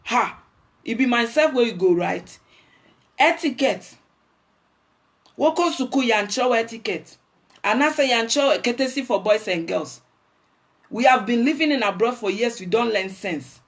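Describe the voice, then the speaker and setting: A woman's voice: on the high side, expressive, unhurried, long pauses. Blunt Ghanaian woman scolding her viewers. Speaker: livestream host. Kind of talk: livestream rant.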